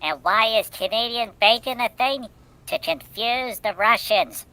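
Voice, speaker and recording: A woman's voice: fairly high pitch, measured pace, pushed and bright, low-quality recording. A woman co-hosting a casual chat show, telling rambling jokes with many fillers. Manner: rambling joking storyteller. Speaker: co-host.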